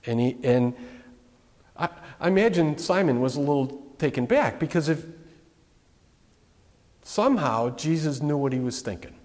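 A man's voice: on the high side, lively intonation, normal speed, pauses often, a little mellow. A man preaching a sermon in a conversational way, full of restarts, asides and questions to the congregation. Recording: long reverb of a large hall.

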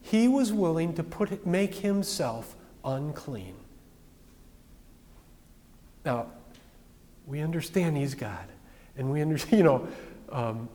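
A man's voice: fairly high pitch, animated, a little slow, mellow, big-room sound. A man preaching a sermon as pastor, in a plain-spoken, conversational way.

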